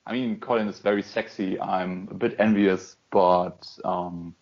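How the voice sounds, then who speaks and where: Male co-host, gravelly, teasing jokester, muffled lo-fi podcast sound. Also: low-pitched, steady tone, a little slow. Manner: jokey, teasing. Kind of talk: casual podcast chat. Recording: dull lo-fi podcast audio.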